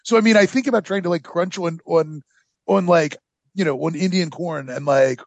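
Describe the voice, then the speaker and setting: A man's voice: on the high side, moderate pace, no echo. A man hosting a casual history podcast, telling the story with rambling sarcastic asides and lots of fillers. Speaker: podcast host.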